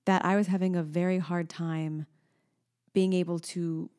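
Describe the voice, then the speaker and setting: A woman's voice: on the low side, measured pace. Chatty woman telling family stories. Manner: animated storyteller, acts out her daughter's voice. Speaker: podcast co-host. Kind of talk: casual chat.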